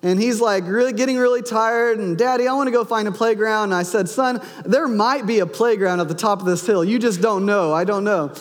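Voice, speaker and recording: A man in his thirties preaches a sermon, telling a family story and acting out the voices in it. His voice sits high for a man. A long hall reverb trails each phrase, as in a church sanctuary. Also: normal speed, hardly any pauses. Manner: storytelling, acts out his son's and his own lines. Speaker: pastor.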